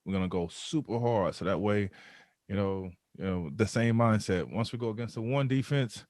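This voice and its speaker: Male interview guest, deep-ish voice, animated storyteller who stumbles and repeats words. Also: moderate pace, no room sound, studio quality. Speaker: podcast guest, former pro football player. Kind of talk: conversational storytelling.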